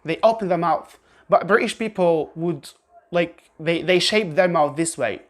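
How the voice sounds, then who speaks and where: A woman's voice: lowish voice, expressive. A woman teaching English pronunciation in an online lesson, demonstrating sounds by repeating words with exaggerated intonation and often restarting her sentences. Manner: restarts often, halting explanations.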